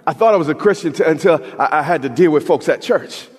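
A male pastor preaching a sermon, talking with his congregation conversationally and rising to emphatic shouts, recorded in a church sanctuary. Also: a little high, lively intonation, quick pace, slightly rough. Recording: long reverb of a large hall.

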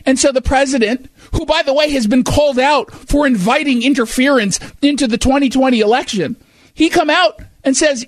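High-voiced sarcastic male talk show host. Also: normal speed, no echo. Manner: sarcastic, mocking. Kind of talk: opinionated talk show commentary.

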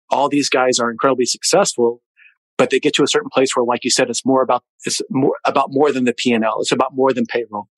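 A man hosts a podcast interview, talking quickly in a brisk, affirming way. His pitch is ordinary, and the recording is dry and close. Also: a bit bright, no room sound, low-quality recording. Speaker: podcast host.

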